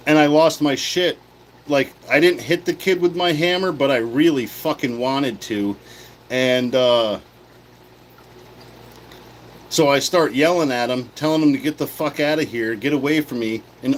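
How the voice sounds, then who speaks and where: A man's voice: medium pitch, a little hiss or hum, rough recording. Blunt, swearing man telling a work story. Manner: profane, blunt, heated. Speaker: livestream host. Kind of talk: casual storytelling chat.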